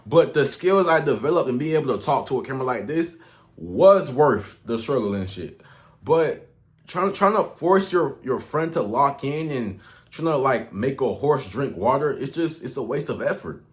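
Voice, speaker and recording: A young male online coach rants motivationally to camera in an unscripted vlog, full of slang and cursing. His mid-range voice is animated at normal speed; he rambles, restarts often and swings from mumbling to loud, sounding out of breath.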